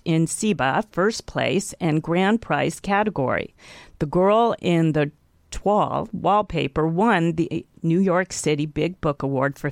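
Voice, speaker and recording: Lady host w/ a gravelly low-ish voice, chatty, eager reactions. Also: no room sound. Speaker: talk show host. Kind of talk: hosting interview.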